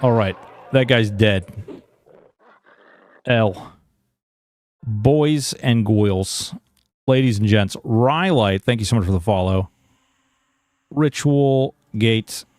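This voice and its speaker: A man's voice: on the low side, takes it slowly, pauses often, a little mellow, no room sound, clean studio sound. A man streaming a game in casual chat, reading viewer messages aloud and talking freely with lots of fillers.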